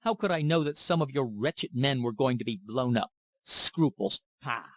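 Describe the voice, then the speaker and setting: Guy reading a drunk old-ish trader ranting, slurry and blustery, pretty animated. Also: mid-range voice, moderate pace, no room sound. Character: drunken ranting middle-aged male trader.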